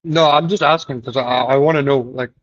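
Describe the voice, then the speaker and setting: A man's voice: mid-range voice, fairly even intonation, brisk, fairly bright tone, no echo, dull audio. A young man, a study partner, giving short, hesitant answers and asking follow-up questions in a casual study session.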